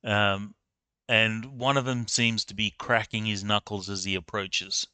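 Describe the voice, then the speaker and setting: A man's voice: fairly low pitch, flat delivery, a little slow, pushed and bright, clean tone, no echo. A man narrating a tabletop game as game master, hesitant, with many ums and uhs.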